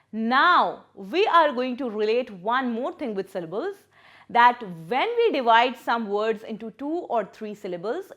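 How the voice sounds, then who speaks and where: Slow, patient woman teacher. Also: sits high. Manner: patient, repeats words and splits syllables. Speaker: primary school English teacher. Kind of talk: recorded classroom lesson.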